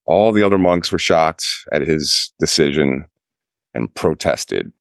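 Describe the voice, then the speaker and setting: A Zen priest giving a dharma talk, telling a teaching story in a slow, measured way with pauses. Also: male voice, a bass voice, vocal fry, no echo, studio quality.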